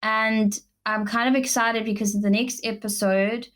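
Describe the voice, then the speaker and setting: A woman's voice: a little high, little pitch movement, moderate pace, fairly bright tone. Chatty young South African woman. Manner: chatty, gushing, many "like" fillers. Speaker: podcast co-host. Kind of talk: casual chat.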